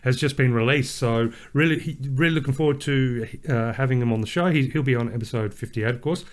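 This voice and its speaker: A man's voice: mid-range voice, brisk. An Australian man co-hosting a podcast, chatting casually and rambling with fillers and restarts. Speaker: podcast co-host. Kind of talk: casual chat.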